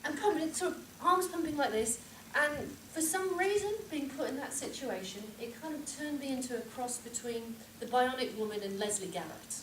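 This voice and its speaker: A woman giving a humorous club speech, telling a story with lively shouted reenactments. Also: sits high, normal speed, few pauses. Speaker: contest speaker. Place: club meeting room with audience. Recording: echoey room from far off, noisy.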